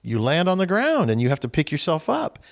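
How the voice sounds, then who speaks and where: A man's voice: on the high side, wildly swooping pitch, a little fast, gravelly. A man in a spiritual group discussion, making his points with vivid everyday examples. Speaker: discussion participant.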